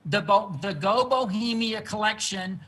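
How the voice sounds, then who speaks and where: A man speaks over a video call from his studio, telling stories in an earnest, unhurried way. Faint background noise sits under his voice. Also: high voice, a bit bright, low-quality recording. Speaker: guest quilt artist. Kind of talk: casual storytelling interview.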